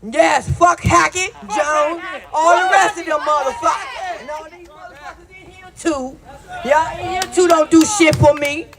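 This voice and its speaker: A woman angrily telling her story at an outdoor protest rally, shouting and swearing. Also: sits high, fairly even intonation, measured pace, over a noisy crowd. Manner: shouting, furious, profane. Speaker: rally speaker. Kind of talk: angry protest testimony.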